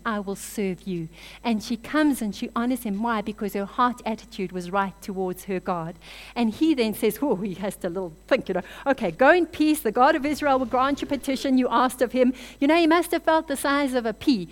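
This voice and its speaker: A woman delivers a sermon with a fairly high voice. She tells scripture stories in an animated way and drops in chatty asides. Her delivery mixes teaching with lively retelling. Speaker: preacher.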